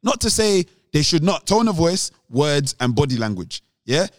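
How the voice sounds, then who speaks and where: A man, his voice a little higher than most, argues his point on a podcast. He talks in an animated way, repeating words and laughing. The sound is close and dry. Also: moderate pace, no echo. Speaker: podcast co-host. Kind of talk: casual podcast debate.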